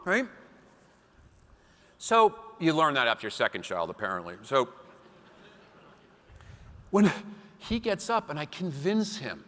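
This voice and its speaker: A man giving a seminar talk to a live audience, telling animated stories with acted quotes. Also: fairly high pitch, a little slow, pauses often. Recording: long hall reverb.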